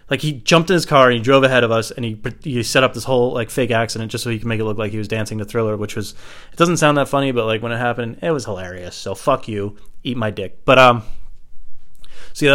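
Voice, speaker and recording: A young man casually telling wild stories, cursing a lot and mimicking his friends' voices. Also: medium pitch. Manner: swearing, animated, acts out friends' voices. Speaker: storyteller. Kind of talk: casual storytelling.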